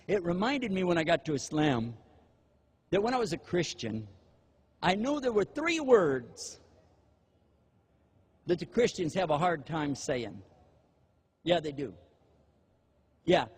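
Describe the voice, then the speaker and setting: A man's voice: high voice, normal speed, slightly rough. A man giving a sermon-style talk, telling stories with animation and acting out people's words. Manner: animated storytelling, acting out quotes. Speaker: preacher.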